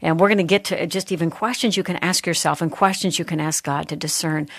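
Quick, gravelly-voiced woman host. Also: lowish voice, fairly even intonation, no room sound, studio quality. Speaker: podcast host. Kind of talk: interview questions.

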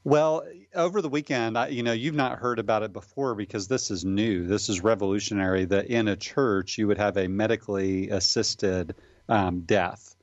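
A man speaking as a radio guest, explaining his views thoughtfully with frequent pauses. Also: on the low side, steady tone, no echo, lo-fi sound. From Michigan. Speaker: guest commentator. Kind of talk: radio interview.

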